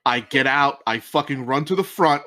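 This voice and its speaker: A man co-hosting a podcast, telling a story in a lively, profane way. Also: medium pitch, normal speed. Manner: animated, profane, laughs while telling. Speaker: podcast co-host. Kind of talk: casual storytelling.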